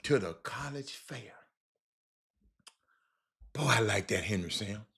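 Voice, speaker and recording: Man, live-stream host, lively swinging pitch, bright voice, shouts then mutters. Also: slow pace, creaky. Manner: animated, swings from shouts to mutters, repeats himself. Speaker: host reading live chat. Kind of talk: casual live-stream chat.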